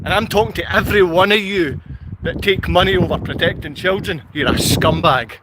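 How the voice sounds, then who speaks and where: A high-voiced man with a Glasgow accent talks a little fast over heavy background noise. The Scottish vlogger is ranting furiously to camera, repeating himself and throwing out insults.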